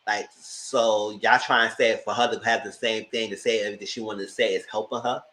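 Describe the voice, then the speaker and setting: A man hosting a live TV review, giving sassy, animated commentary straight to his viewers. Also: on the low side, fairly quick, poor audio. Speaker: TV review host.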